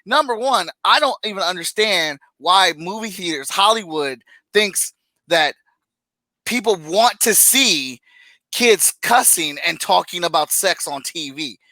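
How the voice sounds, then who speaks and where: A high-pitched man with a bright, sharp tone holds forth in a casual podcast chat. He rants with animated exasperation, breaking into laughs between points. The sound is dry and close. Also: measured pace, no echo, poor audio. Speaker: podcast co-host.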